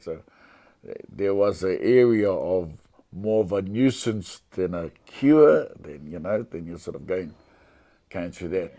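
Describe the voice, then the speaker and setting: An older man, talking in an interview in a halting way, often repeating words and saying "you know". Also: sits low, expressive, warm tone. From New Zealand. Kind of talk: conversational interview.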